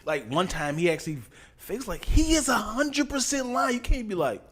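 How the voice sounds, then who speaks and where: A man's voice: high-pitched, very animated, moderate pace, fairly bright tone, slightly rough. A man in his thirties on a podcast, telling loose stories in casual chat, acting out crying children and angry dads, laughing often. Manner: loose storyteller, laughs, acts out voices. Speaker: podcast co-host.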